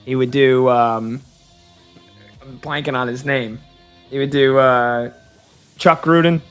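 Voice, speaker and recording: A man's voice: mid-range voice, fairly even intonation, takes it slowly, clean tone, soft background music. A man hosting a sports radio show, chatty and joking with his crew. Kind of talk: casual sports talk.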